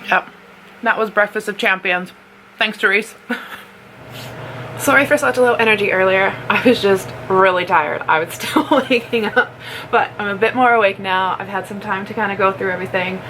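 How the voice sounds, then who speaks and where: Woman vlogging at home, eating and rambling, mid-pitched voice, hiss in the background. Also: normal speed. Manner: eats snacks while talking, rambling and giggly. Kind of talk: casual chatty unboxing vlog. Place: home, indoors. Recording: clear background noise.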